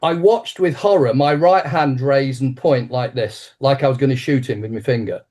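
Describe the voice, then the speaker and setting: A man's voice: medium pitch, normal speed. Man in his sixties telling stories. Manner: animated anecdotal storyteller with frequent restarts. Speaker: interview guest, martial arts teacher. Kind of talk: conversational interview storytelling.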